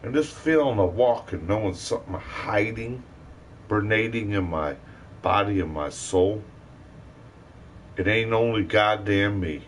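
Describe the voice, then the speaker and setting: A man's voice: fairly low pitch, a little slow, a little hiss or hum. A man ranting bitterly to his live stream, full of cursing and rambling complaints.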